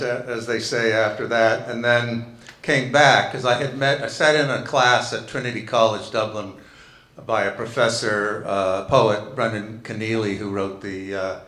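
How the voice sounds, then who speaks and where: A man telling a halting, rambling story with fillers and restarts, then reading a poem aloud at a poetry salon. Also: mid-range voice, sharp tone. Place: lounge bar, indoors. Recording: echoey room.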